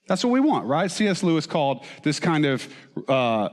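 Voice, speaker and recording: A man's voice: a little high, very animated, normal speed, big-room sound. A man preaching a sermon, asking rhetorical questions and reading quotations aloud with rising emphasis. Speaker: pastor. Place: church auditorium.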